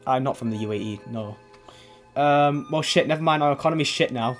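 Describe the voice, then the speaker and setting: A man's voice: medium pitch, fairly quick, faint music behind. A man from England, chatting casually on a game stream, rambling, swearing offhandedly and restarting his sentences. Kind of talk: casual gaming stream chat.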